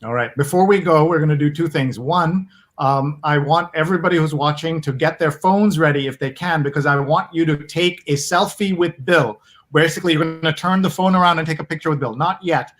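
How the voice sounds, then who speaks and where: A man's voice: fairly high pitch, brisk, a bit bright. A man hosting a casual interview over a video call, chatty and eager to promote his show. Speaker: host.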